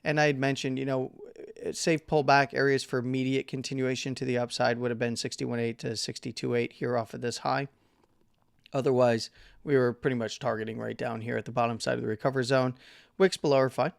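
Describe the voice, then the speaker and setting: Host, male, hoarse from a long day, casual meandering chart analysis, crisp but gravelly. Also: medium pitch, flat delivery, fairly quick, dry recording, clean studio sound. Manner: rambling, self-correcting, filler-heavy. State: losing his voice. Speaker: crypto market analyst host.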